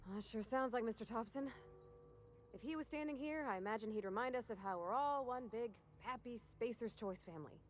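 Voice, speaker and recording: An actress voicing a shy, earnest young woman in a video game, talking in a soft, apologetic, rambling way. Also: a little high, brisk, lightly acted. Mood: reluctant. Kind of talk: video game character dialogue.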